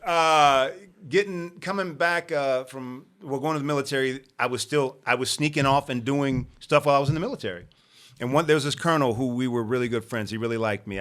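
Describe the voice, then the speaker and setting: A man from Omaha, an actor and comedian, telling animated anecdotes as a podcast guest and acting out other people's lines. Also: medium pitch. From Omaha, Nebraska. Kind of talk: casual storytelling.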